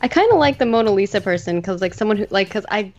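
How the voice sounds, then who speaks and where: A woman's voice: medium pitch, expressive, fast, a little mellow, lo-fi sound, soft background music. A woman guest player chatting casually in a tabletop game, musing and enthusiastic.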